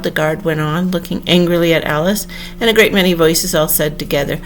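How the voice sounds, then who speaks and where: Woman, audiobook narrator, expressive, unhurried, somewhat low voice. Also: a little hiss or hum. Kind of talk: audiobook reading.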